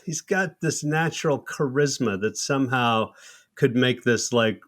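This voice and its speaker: A man and comedy filmmaker telling stories in a loose, animated podcast chat, swearing freely. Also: mid-range voice. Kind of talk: casual podcast conversation.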